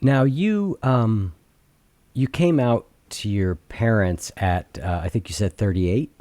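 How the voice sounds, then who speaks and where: A man hosting a podcast interview, asking thoughtful questions and often pausing to search for words. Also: on the low side, expressive, dark tone, no room sound. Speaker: podcast host. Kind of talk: interview conversation.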